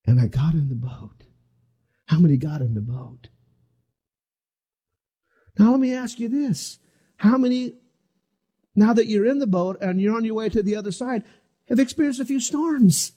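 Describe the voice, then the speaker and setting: A man's voice: high-pitched, animated, moderate pace, long pauses, warm tone, slightly rough. A middle-aged man preaching a sermon as pastor, dramatic and acting out the voices of the people in his story. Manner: dramatic, acts out voices of the disciples.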